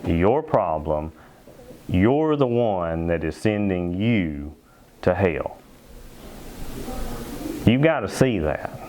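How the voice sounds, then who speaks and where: A man preaching a sermon as pastor in a church, emphatic, slowing down to stress key phrases. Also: deep voice, big pitch swings, darkish tone, a little hiss or hum. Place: church sanctuary.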